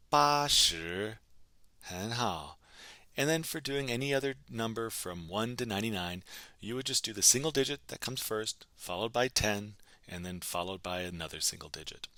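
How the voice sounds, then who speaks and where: Bright-voiced male language teacher. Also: medium pitch, no echo. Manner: patient drilling, prompts then answers in Chinese. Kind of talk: recorded lesson narration.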